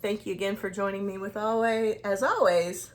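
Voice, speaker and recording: A woman chats into her camera like she is telling a friend a story, circling back and restarting her sentences as she goes. Her voice sits at a middle pitch for a woman, and she keeps the tone easy and conversational. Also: fairly even intonation, moderate pace. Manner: rambling, many restarts and fillers. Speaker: skincare and self-care vlogger. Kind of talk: casual storytelling to viewers.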